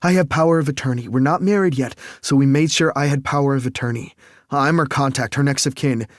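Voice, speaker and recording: A man's voice: medium pitch, fairly quick, no echo, studio quality, lightly acted. A man voicing a panicked young expectant father in an audiobook. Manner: panicked, raised voice. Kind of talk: audiobook character dialogue.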